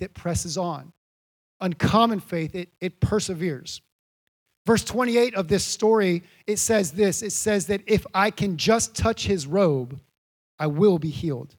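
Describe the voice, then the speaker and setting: A man with a high-pitched voice delivers a sermon from the pulpit. He repeats key lines for weight and pushes each point to an emphatic peak. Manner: earnest, building to emphatic peaks. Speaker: pastor.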